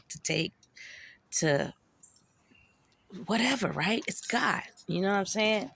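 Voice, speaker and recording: A woman's voice: mid-range voice, takes it slowly, creaky, long pauses, a bit bright, slight background noise. A woman telling a personal story in a raw, profane, emotional way, with slangy, conversational speech.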